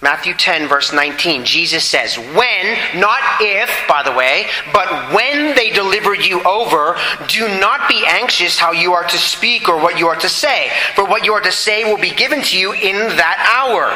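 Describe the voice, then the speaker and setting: A man's voice: sits high, animated, normal speed, few pauses, bright, forceful tone. A man preaching a sermon to a congregation, earnest and emphatic, repeating his key points. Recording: echoey hall with long reverb.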